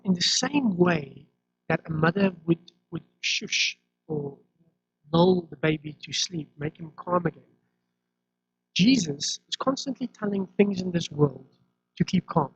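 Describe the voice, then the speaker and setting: Man, sermon, gravelly tone, slightly high voice, dull lo-fi recording, conversational. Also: a little slow, pauses often. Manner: conversational, repeats words when restarting. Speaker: preacher.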